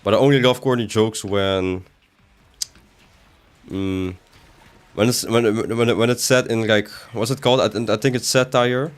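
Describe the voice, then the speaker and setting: A man's voice: on the low side, steady tone, a little slow, pauses often. Young man, live game stream, reads chat aloud, jokey and teasing, voice leaps up when protesting. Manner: playful, joking, voice jumps up when protesting. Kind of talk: live gaming stream commentary, reading chat.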